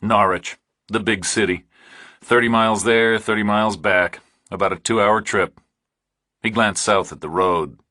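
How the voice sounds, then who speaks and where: Male narrator, very deep, husky, measured thriller read. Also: fairly even intonation, pushed and bright, no room sound, studio quality. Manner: measured, deliberate reading. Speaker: audiobook narrator. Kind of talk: scripted narration.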